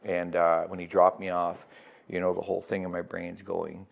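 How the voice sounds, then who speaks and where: A man's voice: sits low, monotone, normal speed, gravelly, highs cut off. A middle-aged man telling his recovery story as a guest, candid and profane, often checking in with "right?".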